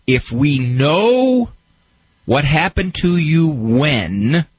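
Husky man giving a lively talk. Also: on the high side, dry recording, muffled recording. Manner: talks through examples, posing questions and putting on a complaining listener's voice. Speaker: speaker on psychology and self-help. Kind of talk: conversational lecture.

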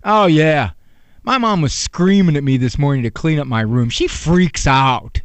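Whiny, exaggerating preteen kid, loud and dramatic, put on by a man on the radio. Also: on the high side, lively intonation, measured pace, clear, resonant tone, no room sound, voice pushed down. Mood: complaining.

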